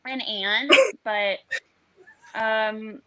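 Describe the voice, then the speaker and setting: A woman's voice: a little high, steady tone, very slow, a crowd in the background, low-quality recording. A woman from the St. Louis area co-hosting a casual chat over a video call, playful and laughing often. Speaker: co-host.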